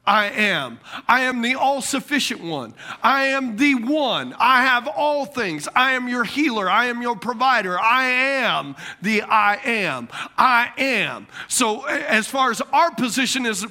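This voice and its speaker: A man preaching a sermon, asking the congregation questions, repeating key words and swinging between loud bursts and quiet lines. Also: very high-pitched, expressive, unhurried, hardly any pauses. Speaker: pastor.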